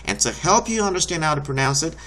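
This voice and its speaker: A man's voice: a little high, very animated, fast talker, fairly bright tone, slight background noise. A man teaching a recorded homeschool lesson, explaining each step patiently and encouragingly.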